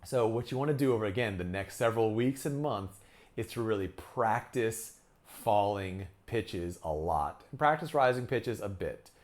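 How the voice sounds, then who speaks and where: A man's voice: fairly low pitch, expressive, normal speed. A man coaching speech delivery in a lesson, acting out example sentences with shifting emphasis. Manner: demonstrates lines with varied emphasis. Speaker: speaking coach. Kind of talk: instructional lesson.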